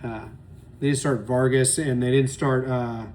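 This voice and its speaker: A man's voice: medium pitch, fairly even intonation, unhurried, darkish tone, slight background noise. Profane rambling sports talk guy. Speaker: sports podcast host. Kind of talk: casual solo sports commentary.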